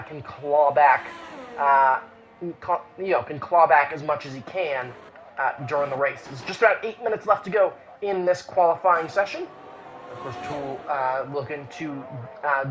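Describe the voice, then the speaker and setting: A man's voice: on the high side, a bit bright, slight background noise, rough recording. A man giving live commentary on an online sim racing qualifying session, with frequent "uh" fillers and restarts. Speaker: race commentator.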